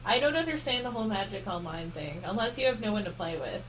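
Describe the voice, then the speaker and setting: A woman's voice: medium pitch, animated, fast talker, noisy background. A woman co-hosting a casual podcast, chatting about gaming news and swearing casually. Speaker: podcast co-host. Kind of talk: casual chat.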